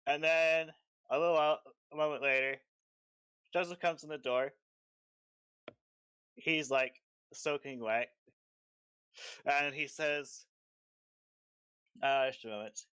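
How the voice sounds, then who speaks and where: Smooth-voiced man running a tabletop game. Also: a little high, steady tone, takes it slowly, pauses often, a bit bright, no room sound. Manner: casual, filler-heavy narration. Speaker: game master.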